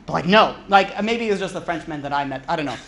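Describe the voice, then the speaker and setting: A man's voice: fairly high pitch, expressive, fast, a bit bright, slight background noise. A man, a rabbi, teaching an informal class in a chatty, joking way, often asking "right?" and "you know".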